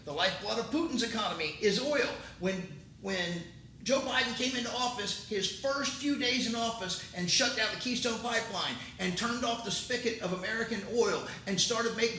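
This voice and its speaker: A man hosting his own political commentary show, talking in an emphatic, indignant way. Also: pushed and bright. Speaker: host. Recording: roomy, distant mic, faint rumble.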